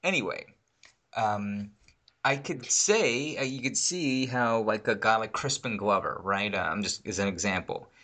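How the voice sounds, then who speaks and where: A man with a lowish voice and a bright, forceful tone chats casually in a loose podcast conversation. He rambles and swears freely, piling up asides as he talks. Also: a little slow. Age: adult, married. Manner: profane, rambling, animated storytelling.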